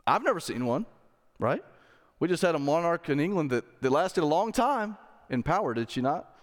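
A man's voice: a little high, very animated, normal speed. A man preaching a sermon as pastor, conversational, asking the congregation rhetorical questions. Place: church sanctuary. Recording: long reverb of a hall.

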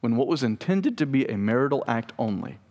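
A man's voice: medium pitch, sing-song, fairly quick, a little mellow. A man preaching a sermon to a congregation, talking in a casual, conversational way with frequent asides to the people in front of him. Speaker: pastor. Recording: long hall reverb.

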